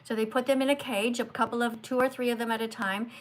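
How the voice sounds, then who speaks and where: A woman with a fairly high voice hosts a live stream on her phone. She speaks in an emphatic, earnest, lecturing way, addressing a guest and her viewers directly. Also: steady tone, fast talker. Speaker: livestream host.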